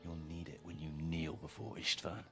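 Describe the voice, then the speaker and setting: A deep-voiced defiant soldier. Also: male voice, flat delivery, normal speed, bright, forceful tone, soft background music.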